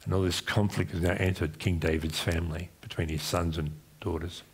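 A man's voice: steady tone, fairly quick, creaky, breathy edge. A man with an Australian accent, preaching a sermon as pastor in a church, acting out voices when he retells stories. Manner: acts out voices in his retellings, pitch swinging up and down.

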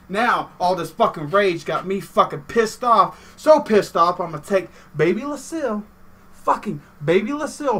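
A man giving an angry, profane comedic rant as a vlogger, shouting and cursing. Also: high-pitched, expressive, normal speed.

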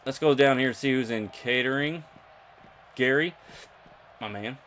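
A young man commentating his own video game playthrough, excitable and jokey, talking to his viewers. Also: medium pitch, normal speed, slight background noise. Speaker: gaming YouTuber. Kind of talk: let's play commentary.

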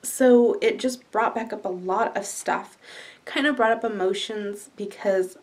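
A woman talking candidly in a personal vlog from her living room, halting at times with fillers. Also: medium pitch. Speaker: vlogger. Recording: voice a bit distant from the mic.

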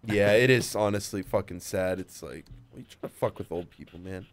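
A man of Greek family co-hosting a live gaming stream, swearing and laughing a lot as he tells stories, sometimes breaking into high mock voices. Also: brisk, hardly any pauses. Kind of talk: casual live-stream chat.

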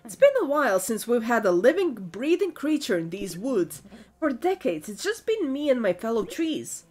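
A woman's voice: a little high, big pitch swings, normal speed, darkish tone. A woman reading game dialogue aloud as a prickly, leafless female tree spirit, haughty and then self-pitying. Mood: wry.

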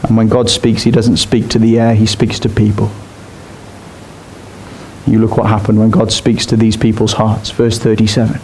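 A man's voice: lowish voice, completely flat delivery, normal speed, darkish tone, a little hiss or hum. A man preaching a sermon in a church, speaking directly and emphatically to his congregation. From Australia. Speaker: pastor.

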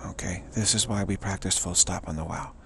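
A man giving a spiritual teaching monologue in a halting, searching way, restarting often, his voice fading toward a whisper. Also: low-pitched, creaky, slight background noise.

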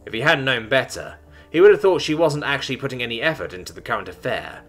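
A man narrating a science fiction story in an animated storytelling manner, with soft music beneath. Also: medium pitch, quick pace. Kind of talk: scripted narration.

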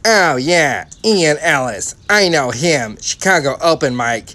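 A man doing a high-strung foul-mouthed comic. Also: animated, slow, bright, forceful tone, exaggerated voice. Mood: ranting. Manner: swears constantly, defensive rants.

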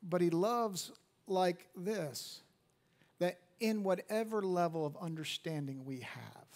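A man in his fifties, a pastor preaching a sermon in a church, swinging from hushed to loud emphatic peaks and repeating words as he restarts. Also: high voice, slow pace. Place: church sanctuary at a live service.

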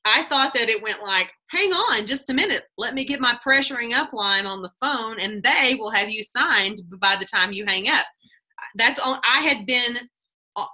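Casting note: bright, lively woman telling stories during a team pep talk on a video call. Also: mid-range voice. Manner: chatty, animated, acts out quotes, laughs often. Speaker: team leader giving a sales training talk.

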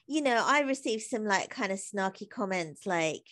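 A woman talking as a podcast guest in a chatty, animated way, laughing often and filling her speech with "like". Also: mid-range voice, normal speed, hardly any pauses. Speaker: guest, comedy writer and singer. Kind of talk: casual interview conversation.

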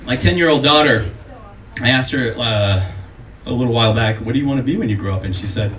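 A man in his forties performing a self-deprecating stand-up comedy set, with a deadpan delivery. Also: fast, a little hiss or hum. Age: 40s. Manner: self-deprecating, deadpan delivery with high put-on voices for quoted people. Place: comedy club stage with live audience. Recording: roomy, distant mic, crowd audible.

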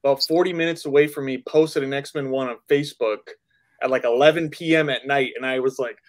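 A man's voice: mid-range voice, steady tone, a little fast. A man in a casual chat, talking in a hesitant way, full of fillers.

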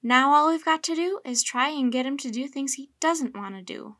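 A woman's voice: high-pitched, expressive, moderate pace, pushed and bright, no echo. A woman reading aloud voices Mandy, a cheerful, helpful girl, close to her own voice.

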